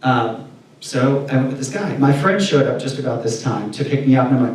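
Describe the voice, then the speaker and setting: A man's voice: medium pitch, fairly quick. Man telling stories in an echoey room. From Indiana, USA. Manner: candid, animated storytelling with acted-out quotes. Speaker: interview guest. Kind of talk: casual storytelling interview. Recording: distant mic in echoey room.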